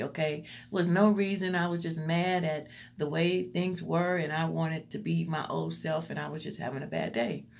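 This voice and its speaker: A woman speaks straight to her viewers in a low, gravelly voice. She delivers earnest, faith-based encouragement, circling back on blessings and gratitude like a small sermon. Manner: earnest, encouraging, preacherly repetition. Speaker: motivational vlogger. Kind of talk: faith-based motivational talk to camera.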